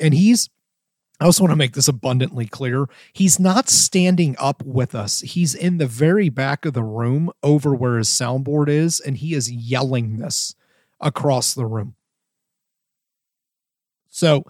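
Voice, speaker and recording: A man's voice: fairly high pitch, lively intonation, normal speed, darkish tone, no room sound, clean studio sound. A man telling a story from his work as a wedding videographer, rambling with lots of restarts. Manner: rambling, many likes and restarts. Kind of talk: casual storytelling.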